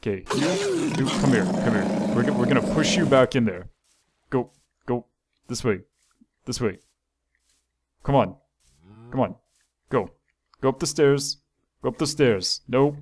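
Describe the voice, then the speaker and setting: A man's voice: mid-range voice, measured pace, pauses often, very noisy. A man hosting a casual let's-play, talking in an exasperated, scolding way while rambling about his game. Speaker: gaming channel host.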